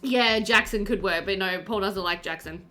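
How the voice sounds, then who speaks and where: A young woman streams a casual chat with her viewers, reading their messages aloud, giggling and laughing often. Her mid-range voice is bright and forceful at a normal speed, with faint music in the background.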